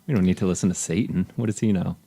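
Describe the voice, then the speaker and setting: A man co-hosts a casual podcast and keeps the banter going with crude wisecracks. His voice sits lowish for a man and stays relaxed as he talks. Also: vocal fry, breathy edge. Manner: wisecracking, swearing, quick banter. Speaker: guest co-host. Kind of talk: casual chat.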